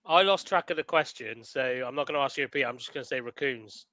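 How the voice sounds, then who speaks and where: A man's voice: mid-range voice, fast talker, bright, forceful tone. A man co-hosting a casual podcast stream, jokey and giggly, teasing the others. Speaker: podcast co-host. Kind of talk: casual live-stream chat.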